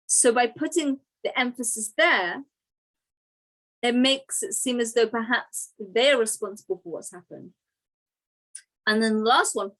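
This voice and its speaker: A woman teaches a grammar lesson in a fairly high voice. She breaks ideas down patiently and keeps checking in with quick "right?" and "okay" asides. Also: a bit bright, poor audio.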